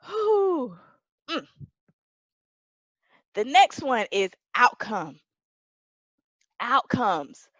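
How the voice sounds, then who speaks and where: High, animated woman preaching. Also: normal speed, dry recording, muffled recording. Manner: emphatic, rising to shouts. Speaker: pastor. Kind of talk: sermon.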